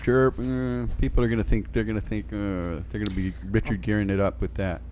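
A man's voice: on the low side, fairly even intonation, a little fast, darkish tone, faint music behind. A man co-hosting a casual panel chat with a dry, wisecracking manner. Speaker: co-host.

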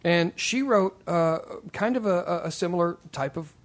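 A man's voice: high voice, moderate pace. A man hosting a loose, jokey chat with a slightly raised voice. He rambles with plenty of fillers and laughs a lot. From Kansas City. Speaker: podcast host. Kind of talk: casual chat.

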